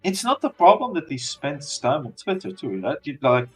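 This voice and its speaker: A man's voice: fairly high pitch, huge pitch swings, normal speed, faint music behind. A man co-hosting a livestream in casual chat, blunt and swearing casually. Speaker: stream co-host.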